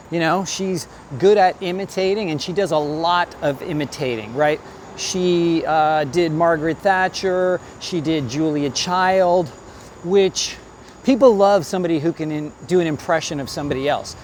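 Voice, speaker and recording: Man vlogger, high-pitched, blunt and rambling opinion piece, faint street noise behind. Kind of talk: opinionated commentary.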